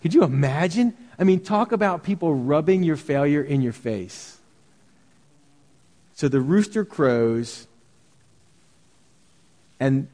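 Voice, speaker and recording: A man's voice: fairly high pitch, a little mellow, long reverb tail. A man preaching a sermon as pastor, earnest and full of rhetorical questions.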